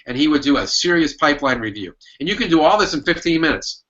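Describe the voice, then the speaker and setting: This man's voice runs on the high side, fast and expressive, and the audio's highs are cut off. A sales consultant and author, he answers podcast questions through emphatic stories, acting out what his old manager used to say.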